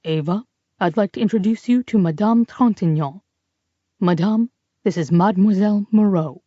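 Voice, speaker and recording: Brief: narrator voicing a gentle male priest, hushed and calm, dull dry recording. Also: medium pitch, normal speed, no room sound, close to an everyday voice. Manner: gentle, reassuring. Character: kind, calm older French priest.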